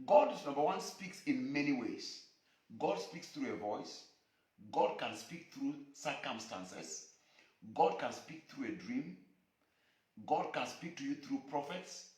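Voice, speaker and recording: Emphatic preacher, lively pitch, echoey room. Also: male voice. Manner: emphatic, repetitive preaching cadence. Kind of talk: online sermon broadcast. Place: room alone.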